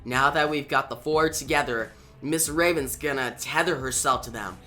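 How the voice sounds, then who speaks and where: A comic reviewer reading out the lines of a stern male superhero guardian in a lower, quieter, measured voice. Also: faint music behind, lightly acted. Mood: serious.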